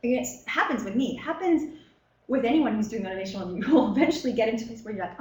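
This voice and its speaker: A woman teaching a professional workshop in a relaxed, conversational way, with many fillers and short acted-out exchanges. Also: a little high, racing, roomy sound, slight background noise, rough recording. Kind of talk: lecture to a professional audience. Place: meeting room.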